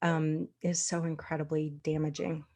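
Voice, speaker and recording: A woman with a slightly low voice speaks as a coach in casual conversation. She is earnest and reflective and laughs lightly now and then. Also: little pitch movement, normal speed, dark tone. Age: adult with a daughter.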